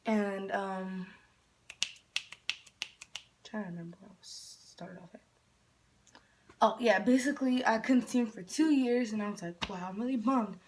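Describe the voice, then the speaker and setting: A young woman from Michigan telling a story in a casual vlog, rambling, often dropping to a whisper and jumping up in pitch when she quotes herself. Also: a little slow, pauses often, heavy background noise. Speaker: vlogger.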